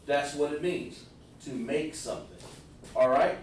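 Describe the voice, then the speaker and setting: A man's voice: fairly high pitch, a little slow, a little hiss or hum. Man teaching scripture in an echoey room. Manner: explains word by word, addresses listeners directly. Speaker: religious teacher. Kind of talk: live-streamed scripture class. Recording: very echoey room, far from the mic.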